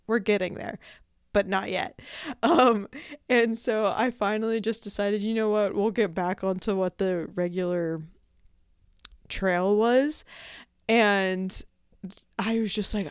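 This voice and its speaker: A woman's voice: mid-range voice, clean tone, dry recording, clean studio sound. A young adult woman hosting a podcast. She tells a story in casual, self-mocking chat, laughs often and acts out her own thoughts. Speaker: podcast host.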